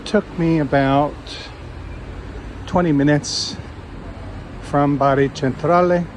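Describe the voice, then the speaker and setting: A man's voice: a little high, fairly even intonation, slow pace, poor audio. A man vlogging casually while walking outdoors along a city promenade, thinking aloud as he goes. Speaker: travel vlogger. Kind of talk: casual walking travel vlog. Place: outdoors on a city seaside street. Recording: outdoor street noise and traffic.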